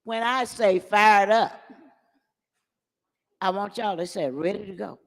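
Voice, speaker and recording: An older man leading a young crowd in call-and-response, alternating loud chants with hushed instructions. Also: high-pitched, slow, vocal fry. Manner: commanding, shouts chants then hushes the crowd. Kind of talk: call-and-response rally speech. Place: large church hall. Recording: echoey church hall with crowd.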